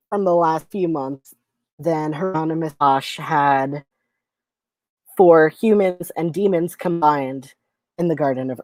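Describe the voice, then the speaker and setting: Low-voiced playful woman emcee. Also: darkish tone, no echo. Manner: playful, joking hype. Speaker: emcee of a variety show. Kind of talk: live stage introductions.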